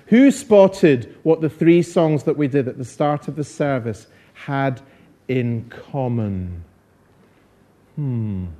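A man preaching an all-age church talk, lively and encouraging, repeating phrases for emphasis. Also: on the high side.

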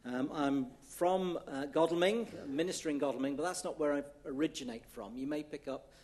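Husky-voiced minister with a Merseyside twang. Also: male voice, on the high side, normal speed, a little mellow. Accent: northwest English, Merseyside. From northwest England, near Liverpool. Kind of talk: sermon. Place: church.

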